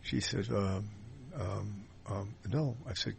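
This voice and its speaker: A man's voice: lowish voice, animated, a little slow, vocal fry, slight background noise. An older man hosting a talk radio show, telling rambling anecdotes in a casual, friendly way with lots of fillers.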